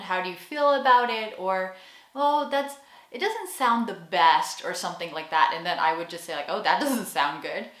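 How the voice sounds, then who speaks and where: A young woman from the United States chats to camera in a relaxed vlog, lively and quick to laugh as she acts out little exchanges. Her voice sits at an ordinary middle pitch. The room around her is echoey. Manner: chatty and animated, often laughing and acting out quotes. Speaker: vlogger. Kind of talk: casual talking-to-camera vlog.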